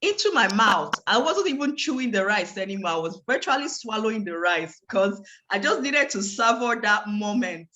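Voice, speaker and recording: A woman's voice: mid-range voice, sing-song, normal speed, hardly any pauses, bright, forceful tone. A woman giving a guest talk on a video call, telling a personal story vividly and acting out the dialogue. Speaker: guest speaker.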